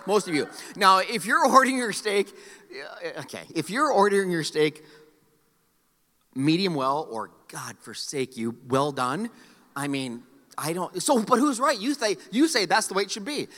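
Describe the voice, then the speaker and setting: In a large church hall, a middle-aged pastor tells stories during his sermon, adding joking asides for the congregation. His voice sits high and sounds sharp, and a long reverb trails through the recording.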